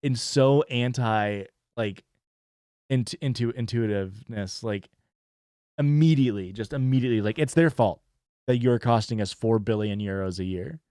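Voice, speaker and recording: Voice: medium pitch, normal speed, dark tone, no room sound, studio quality. A stream host reacting to a TV show in casual, rambling commentary, sarcastic and full of swearing.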